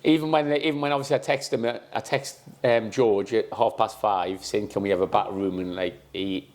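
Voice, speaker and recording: A man's voice: on the low side, steady tone, normal speed, darkish tone. A man hosting a podcast in a pub back room, chatting and joking with friends. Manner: jokey, laughing banter. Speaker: podcast host. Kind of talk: casual chat.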